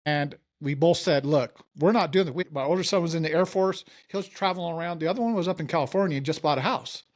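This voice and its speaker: Animated man telling a long story. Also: on the high side, fast talker. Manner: animated storyteller acting out dialogue. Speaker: interview guest, mortgage company founder. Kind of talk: casual storytelling interview.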